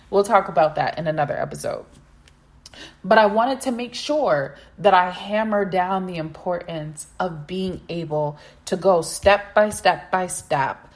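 A woman hosting a solo business podcast, giving advice in an emphatic way, repeating phrases for stress and asking rhetorical questions. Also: fairly low pitch. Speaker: podcast host, practice consultant.

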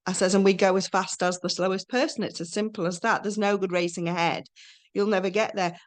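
A middle-aged woman chats with an interviewer at a middle pitch. She tells her stories with animation and slips into the voices of the people she quotes. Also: fairly quick. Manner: chatty, animated storytelling with acted quotes. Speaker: guest. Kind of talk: casual conversation.

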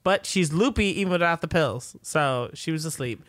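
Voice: medium pitch, lively intonation, normal speed, fairly bright tone, no echo. A podcast co-host in casual recap chat, narrating the plot step by step and slipping into mock voices for characters.

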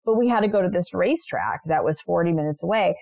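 Speaking fast in a lowish, gravelly voice with a darkish tone, this woman guest on an interview show is expressive as she shares personal stories. A transformational leader and spiritual mentor, she's earnest and reflective, often adding "you know" asides. There's no echo.

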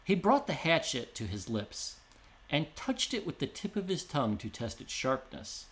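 A man narrating a traditional tale in a measured, descriptive storytelling manner. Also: fairly high pitch, big pitch swings, a bit bright.

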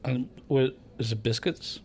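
A man's voice: mid-range voice, steady tone, unhurried, a little mellow, breathy edge. A man with an Irish accent, a comedian guest chatting in a wry, laid-back way. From Ireland. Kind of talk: casual chat.

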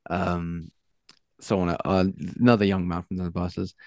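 A man narrating as game master of a tabletop role-play game, in a relaxed, halting way. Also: sits low, no room sound.

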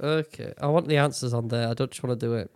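A man's voice: medium pitch, steady tone, quick pace, darkish tone, clean tone, no room sound, clean studio sound. A man co-hosting a podcast, chatting casually, swearing a lot and laughing often. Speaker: podcast co-host. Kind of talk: casual banter.

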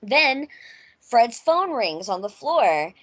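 A woman's voice: a little high, very animated, slow, husky, highs cut off. A woman from Mississippi with a Southern American accent, hosting a podcast and casually retelling a film plot with lots of fillers. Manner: loose, filler-heavy storytelling. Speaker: podcast host. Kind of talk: casual chat recapping a film.

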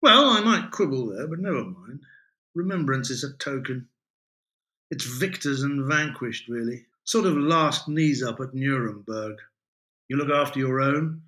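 A man's voice: mid-range voice, animated, measured pace, pushed and bright. A man voicing a brash, pompous young male English teacher who talks in a grand, theatrical way. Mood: lecturing.

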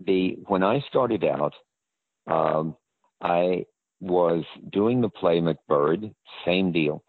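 A man's voice: deep voice, slow pace, no echo. An older man, an actor guest in an interview, telling rambling anecdotes. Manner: rambling storyteller. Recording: tinny phone-line audio.

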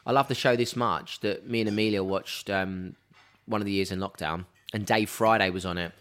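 A man chatting casually as a guest, telling stories in an animated way and laughing often. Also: on the low side, fairly quick. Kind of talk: casual chat.

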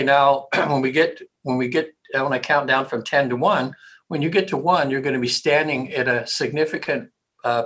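A man, a hypnotherapist, speaking casually and rambling in an interview, with frequent throat clearing. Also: medium pitch, bright, forceful tone, poor audio.

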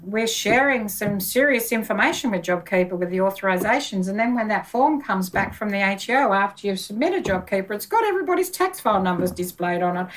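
A woman's voice: a little high, far from the mic, low-quality recording. Lady telling her story, acts out the back and forth, sits a bit back from the mic. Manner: animated storyteller, acts out her own past dialogue. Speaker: bookkeeper. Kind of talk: conversational interview storytelling.

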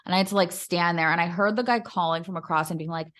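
A young woman chats on her podcast in a slightly low voice, quick and animated as she acts out each line of the story. She laughs easily and moves between mockery and exasperation. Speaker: podcast co-host. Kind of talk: casual chat.

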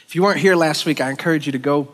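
A man's voice: a little high, a bit bright. Earnest man preaching in echoey church. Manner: earnest, emotional, halting with restarts. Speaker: worship leader. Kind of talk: sermon. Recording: long church hall reverb.

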